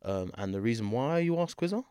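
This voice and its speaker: A man's voice: mid-range voice, expressive, brisk, dark tone, smooth, no room sound, clean studio sound. A young man hosting a podcast, laid-back and laughing often, full of slang. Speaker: podcast host. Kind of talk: casual chat.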